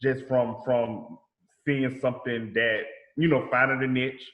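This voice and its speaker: A man's voice: mid-range voice, steady tone, a little slow, fairly bright tone, reverberant, poor audio. A man from Alabama in his late twenties, a guest in a casual interview, who stumbles and repeats words as he talks. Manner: stumbling, repeats words, self-described speech impediment. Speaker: guest, food blogger.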